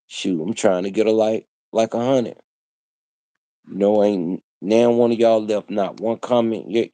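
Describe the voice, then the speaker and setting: Preachy man with a low, mellow voice. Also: a little slow, no room sound. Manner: preachy, repetitive, street slang. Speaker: livestream host. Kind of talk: casual livestream monologue.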